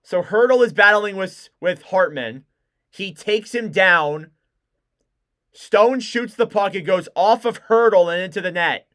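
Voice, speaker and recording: A young man calls a hockey game live as a fan streamer, his voice high and bright with a smooth, clear tone. He rattles off the play and bursts into shouts when the action peaks. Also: slow. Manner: excitable, shouts and cries out on big plays.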